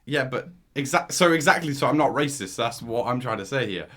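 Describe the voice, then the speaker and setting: A man co-hosting a casual podcast, talking in an animated way, laughing often and calling his friend "mate". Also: mid-range voice, brisk. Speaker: podcast co-host. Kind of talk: casual chat.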